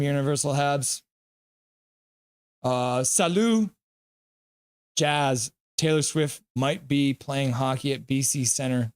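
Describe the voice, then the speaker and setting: A young man with a medium-pitched, clean-toned voice hosts a live hockey reaction stream, chatting casually, reading chat aloud and whooping with excitement.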